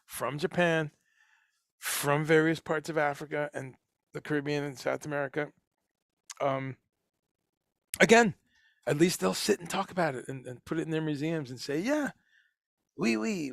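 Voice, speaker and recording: A man hosting a casual livestream chat, his voice fairly high with a gravelly edge. He rambles with enthusiasm and often restarts his sentences. The sound is dry and close. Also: dry recording. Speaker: livestream host.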